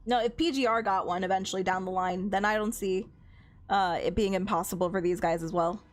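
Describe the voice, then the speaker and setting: A woman's voice: mid-range voice, steady tone, a little fast. A young woman streaming a game, chatting casually, gushing about the characters and giggling often. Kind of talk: casual gameplay commentary.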